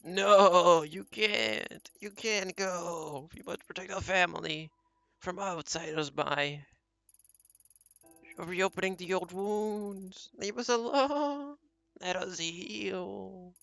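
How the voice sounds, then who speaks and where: A man voicing a frail, fearful grandmother who pleads and warns in a slow, quavering way. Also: sits high, gravelly, bright, forceful tone, no room sound, voice pushed up, heavily acted. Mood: pleading. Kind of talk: reading game dialogue aloud.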